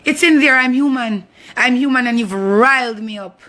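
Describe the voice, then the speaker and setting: A woman's voice: fairly high pitch, moderate pace, pushed and bright. A young woman with a Jamaican accent delivering an impassioned personal monologue, confrontational and emphatic, repeating phrases for force. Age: young adult. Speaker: vlogger.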